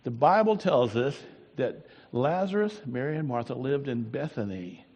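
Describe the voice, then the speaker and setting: A man preaching a sermon as pastor, swinging from booming emphasis to hushed, drawn-out words. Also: expressive, husky, lo-fi sound. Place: church sanctuary. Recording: long hall reverb.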